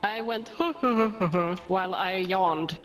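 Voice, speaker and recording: A woman's voice: medium pitch, drawn-out words. A woman chatting casually while gaming with friends, teasing them, swearing and laughing often.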